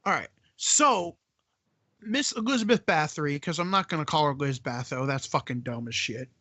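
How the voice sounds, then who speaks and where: A man's voice: on the high side, lively intonation, moderate pace, sharp tone, no echo. A man hosting a casual movie-riff chat, ranting and swearing in exasperation. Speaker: podcast host.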